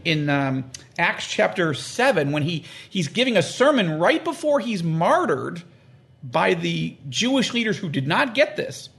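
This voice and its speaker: A man explaining the Bible in an interview, emphatic and animated, acting out quoted voices and repeating phrases for stress. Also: high voice, vocal fry. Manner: animated, acts out quoted prayers and God's words. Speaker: guest explaining scripture. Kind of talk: conversational interview.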